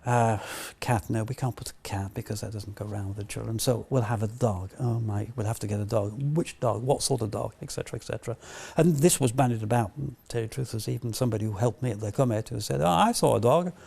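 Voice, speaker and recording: Gravelly Frenchman telling old studio stories. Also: lowish voice, quick pace, few pauses. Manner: animated, acts out past conversations. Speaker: puppet animator interviewee. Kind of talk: reminiscing interview.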